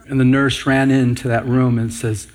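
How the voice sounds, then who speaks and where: A man's voice: medium pitch, flat delivery, normal speed. A man preaching a sermon as a pastor, earnest and repetitive, asking the congregation rhetorical questions.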